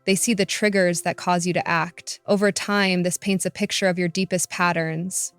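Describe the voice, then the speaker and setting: A woman reading a scripted voice-over narration in a calm, measured way. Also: fairly low pitch, no room sound.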